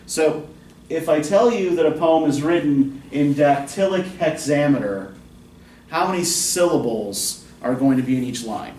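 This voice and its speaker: A man's voice: a little high, unhurried, a little mellow. A man teaches a college poetry class from the front of a classroom. He explains patiently and keeps putting questions to his students. The recording is roomy and picked up from a distance, with a faint hiss underneath. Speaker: college English instructor.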